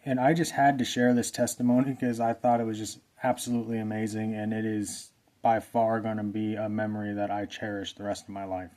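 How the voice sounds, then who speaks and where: A man's voice: fairly low pitch, level tone, a little fast, darkish tone. A man telling a personal faith testimony in a casual, rambling way, often repeating himself. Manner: earnest, rambling, repeats phrases. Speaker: vlogger sharing a testimony. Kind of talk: casual storytelling.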